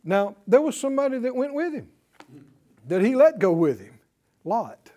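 A man's voice: very high voice, sing-song, moderate pace, mellow. A middle-aged man preaching a sermon to a congregation, drawing out emphatic phrases and calling for responses. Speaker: pastor.

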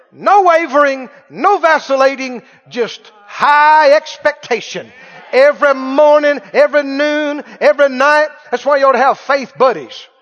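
A man preaching a sermon as pastor, emphatic, repeating his phrases and shouting at the high points. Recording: dull lo-fi sound with long hall reverb.

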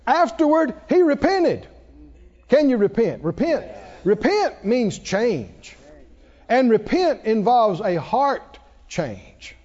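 A male pastor preaches with call-and-response, his high voice rising and falling animatedly. He speaks slowly and deliberately. A dull, lo-fi recording adds a long hall echo. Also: big pitch swings, a little mellow. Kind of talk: sermon.

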